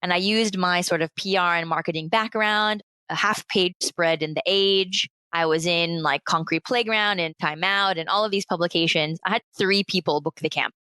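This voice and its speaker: A woman in her late thirties from the United States, with an American accent, telling her story in a lively, chatty interview. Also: lowish voice, normal speed, hardly any pauses, smooth, no room sound. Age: late 30s. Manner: lively, chatty, laughs often. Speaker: guest, founder of a play consultancy.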